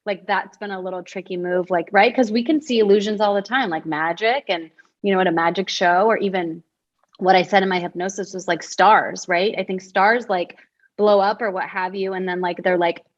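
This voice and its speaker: A woman's voice: mid-range voice, steady tone, moderate pace. Woman, podcast host, reflective, casual, lots of fillers, slightly muffled audio. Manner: reflective, talks through ideas with many fillers.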